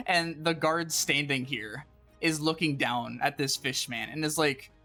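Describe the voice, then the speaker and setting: A man's voice: fairly high pitch, measured pace, pushed and bright, faint music behind. A man narrating as game master of a tabletop game, swearing casually and laughing between lines.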